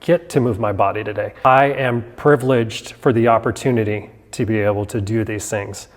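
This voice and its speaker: A man's voice: lowish voice, steady tone, normal speed. Upbeat male coach in an echoey gym. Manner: upbeat, motivational, joking. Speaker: fitness coach, co-host. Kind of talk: casual chat, gym news vlog. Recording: echoey hall with long reverb.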